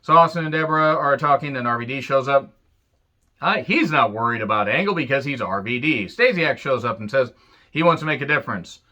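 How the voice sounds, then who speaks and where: A man's voice: medium pitch, lively intonation, fairly quick, bright, forceful tone, highs cut off. A man giving a casual, sarcastic and profane recap of an old wrestling show, full of jokey asides. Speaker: wrestling reviewer.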